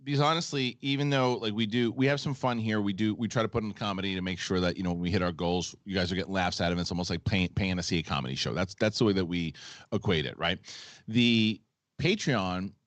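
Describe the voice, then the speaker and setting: A man hosting a casual live stream, chatting with co-hosts and launching into rapid mock-outraged rants. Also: deep voice, no echo. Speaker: show host.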